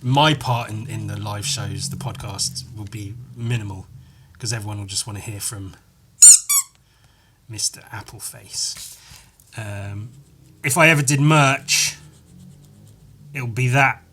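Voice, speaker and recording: A man's voice: lowish voice, unhurried, over music. A man hosting a solo comedy podcast, telling a rambling story that keeps correcting itself, with crude asides. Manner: meandering, self-correcting, crude jokes. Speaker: podcast host.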